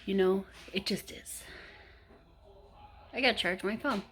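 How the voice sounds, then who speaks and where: A woman's voice: medium pitch, unhurried. A woman vlogging casually from her kitchen at home, chatty and rambling, correcting herself as she goes. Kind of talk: casual vlog chat.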